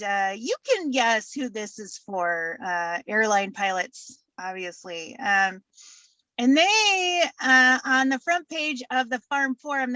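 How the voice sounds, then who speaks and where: A woman doing a stand-up comedy set, deadpan, with many fillers and repeated punchlines. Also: on the high side, no room sound, lo-fi sound.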